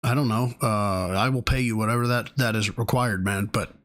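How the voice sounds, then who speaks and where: A man's voice: lowish voice, fairly even intonation, normal speed, fairly bright tone. Crude profane streamer man. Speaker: streamer co-host. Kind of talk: casual live-stream chat.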